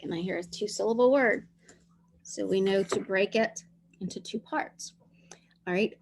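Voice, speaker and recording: A woman's voice: mid-range voice, a little slow, darkish tone. A woman teacher leading young children through a dictation lesson, sounding out words and spelling them letter by letter.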